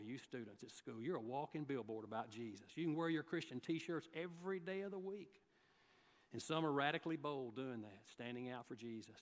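A man's voice: medium pitch, in a large hall. A man preaching a sermon, telling folksy stories and acting out the people he quotes. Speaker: guest preacher. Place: church sanctuary.

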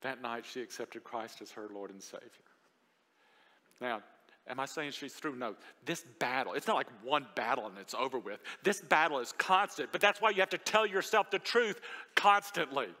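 A male pastor preaching a sermon from a church podium, telling stories animatedly and swinging between loud and hushed delivery. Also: mid-range voice, expressive, moderate pace. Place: church sanctuary. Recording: long reverb of a large hall.

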